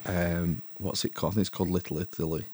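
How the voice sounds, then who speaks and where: A man's voice: low voice, fairly even intonation, quick pace, darkish tone, a little hiss or hum. A man casually chatting on a podcast, telling a story with laughs and casual swearing. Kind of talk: casual chat.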